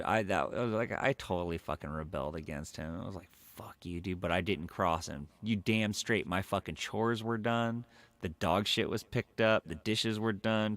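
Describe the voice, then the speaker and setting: A man with a very low voice and a gravelly crackle talks through a story on his live stream. He rambles casually and swears constantly, with loose filler words throughout. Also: fairly bright tone, no room sound. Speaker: livestreamer.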